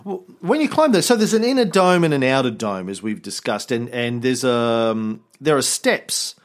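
A man's voice: mid-range voice, big pitch swings, moderate pace. A man hosting a podcast, explaining in casual chat with frequent hesitations and restarts. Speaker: podcast host.

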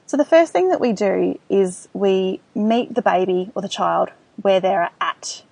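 A woman's voice: mid-range voice, animated, a little slow, vocal fry, darkish tone, breathy edge, no echo. A woman hosting a parenting podcast, explaining things in an earnest way and acting out the soothing words a parent might say.

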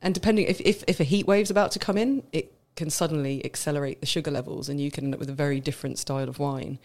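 A woman's voice: low voice, steady tone, fast, darkish tone. A woman from Britain co-hosting a casual podcast chat, explaining in detail and laughing often. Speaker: wine expert co-host.

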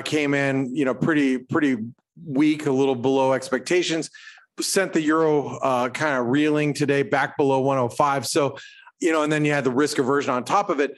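A man co-hosting a trading show from home, chatting casually about markets and cracking puns. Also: mid-range voice. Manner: animated, punny, jokey asides.

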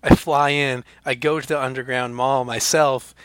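A man's voice: mid-range voice, fairly even intonation, moderate pace, smooth, no room sound. A young man co-hosting a podcast, rambling through silly jokey bits in casual chat. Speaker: podcast co-host.

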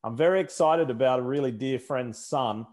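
A man's voice: mid-range voice, darkish tone. An Australian man, a motorsport commentator, chatting as a guest in a casual interview, with frequent fillers and restarts. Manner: halting, many fillers and restarts.

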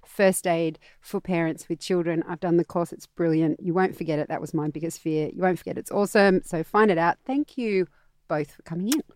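A woman's voice: fairly low pitch, brisk, a little mellow, no echo. A woman with an Australian accent hosting a casual podcast chat, laughing often and joking. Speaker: podcast host.

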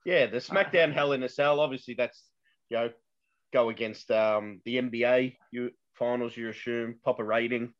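A man's voice: mid-range voice, normal speed. A man co-hosting a podcast in wry, hesitant casual chat full of fillers. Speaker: podcast co-host. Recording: dull lo-fi audio.

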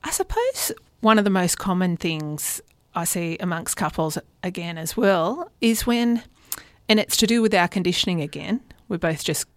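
A woman, a relationships therapist, guest on a radio show, explaining calmly with practical examples. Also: fairly low pitch, normal speed, dry recording. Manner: warm, explanatory, gives practical examples with acted-out quotes.

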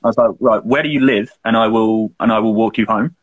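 This young man co-hosts a podcast and tells a long story in loose, rambling casual chat, swearing freely between fillers. His voice is husky, and the recording sounds muffled and lo-fi. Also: fairly low pitch, fairly even intonation, brisk. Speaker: podcast co-host.

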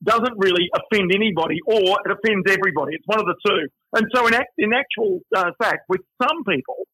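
Poor audio with no echo captures a broad-accented Australian guest, a middle-aged man from finance and media, spinning chatty anecdotes in an interview. He sounds husky and sharp, pitched high and talking a little fast.

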